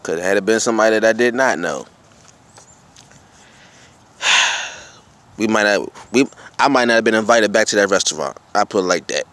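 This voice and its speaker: A man casually telling a story to his viewers, getting animated and repeating himself as he speaks. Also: on the low side, moderate pace, long pauses. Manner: relaxed, informal slang. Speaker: vlogger.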